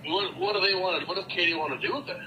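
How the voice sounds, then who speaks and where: A man's voice: sits high, quick pace, bright, forceful tone, a little hiss or hum. A man chatting casually on a phone call, saying bro and right a lot.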